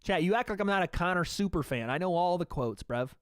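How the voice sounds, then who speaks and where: A man's voice: high voice, lively intonation, fast, clean tone, no echo, clean studio sound. A young man hosting a fight watch party stream, giving casual live commentary in a loose, slangy way and talking back to his chat.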